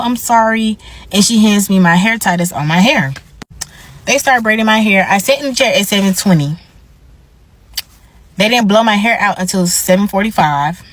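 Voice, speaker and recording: A young woman telling a storytime rant, acting out what people said. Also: fairly low pitch. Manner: animated, acts out dialogue. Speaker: vlogger.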